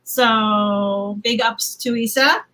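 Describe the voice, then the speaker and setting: A woman's voice: fairly high pitch, steady tone, very slow, pushed and bright, low-quality recording. A woman moderating a casual livestream panel, chatty and playful, laughing often, on a video call from home.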